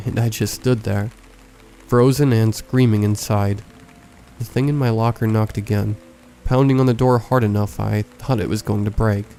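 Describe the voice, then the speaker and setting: Low, mellow-voiced man narrating horror. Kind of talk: scripted narration. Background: faint background music.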